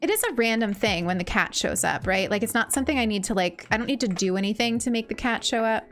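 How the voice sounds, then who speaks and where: A young woman streaming a cozy game, chatting gently and warmly greeting viewers, often saying things twice. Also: a little high, animated, fast talker. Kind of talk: cozy casual chat while gaming. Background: faint game music.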